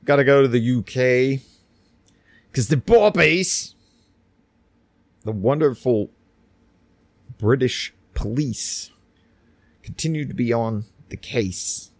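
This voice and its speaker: A man's voice: mid-range voice, slow, long pauses, darkish tone, no echo. Sarcastic man ranting. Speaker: podcast host. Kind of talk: opinionated news commentary.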